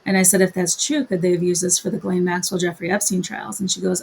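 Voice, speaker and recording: Flat-toned storytelling mother. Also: lowish voice, fast, vocal fry, a little hiss or hum, poor audio. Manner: emotional, retells conversations in quoted dialogue. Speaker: guest, mother and advocate. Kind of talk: personal storytelling in an interview.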